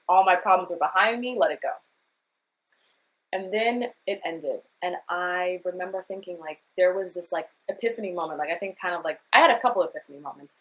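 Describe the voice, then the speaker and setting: Lady guest on a chat podcast, kinda low voice, pours out her story and does little voices of her old self. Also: a bit bright, low-quality recording. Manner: emotional, confessional storytelling; acts out her past self in quotes. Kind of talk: candid casual chat.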